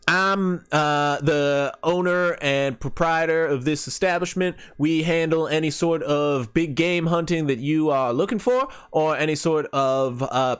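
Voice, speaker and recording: A man's voice: on the high side, a bit bright, smooth, voice pushed up. A man voicing a big, brash half-elven woman who runs a hunting lodge, with a folksy, blunt way of talking. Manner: folksy, blunt, says howdy and y'all. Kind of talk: tabletop role-play voice.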